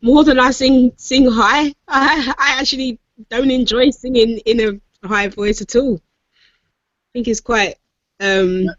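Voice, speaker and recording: A woman's voice: on the high side, fairly even intonation, slow pace, no room sound. A woman from England with an English accent, chatting casually about singing. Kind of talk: casual chat. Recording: dry lo-fi call audio.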